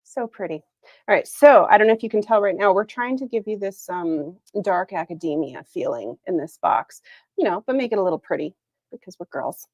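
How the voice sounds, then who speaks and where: A woman's voice: mid-range voice, animated, fairly quick, darkish tone, no echo. A woman hosting a casual livestream product reveal, chatty and upbeat, laughing often. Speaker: planner shop owner hosting a livestream. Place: Arizona.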